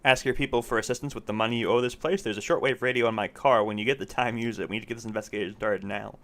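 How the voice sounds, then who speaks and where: Guy reading a stern cop lieutenant, quiet and controlled, bright tone. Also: lowish voice, fairly even intonation, very fast. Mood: measured. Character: calm, stern male police lieutenant.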